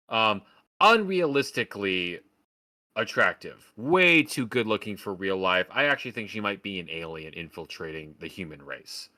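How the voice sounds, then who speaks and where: A man's voice: on the low side, pushed and bright. A man from Oregon giving a sarcastic, profane rant in a casual podcast film review. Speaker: podcast host.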